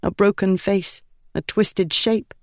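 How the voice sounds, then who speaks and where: A woman's voice: medium pitch, steady tone, takes it slowly, a little mellow, no room sound, studio quality, voice pushed up. A man voicing an earnest young woman investigator who explains things urgently, in an audiobook.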